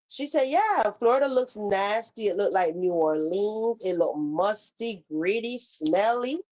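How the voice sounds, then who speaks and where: A woman's voice: mid-range voice, darkish tone, poor audio. A woman hosting a casual livestream, chatting straight to her viewers in a sassy, talkative way. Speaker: livestream host. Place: Florida home.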